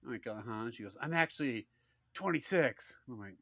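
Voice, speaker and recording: Casual male podcast host in his thirties, lively and bright, rambling anecdotes. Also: mid-range voice, normal speed, creaky, no echo, studio quality. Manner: rambling, many "like"s, acts out quotes. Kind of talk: casual storytelling.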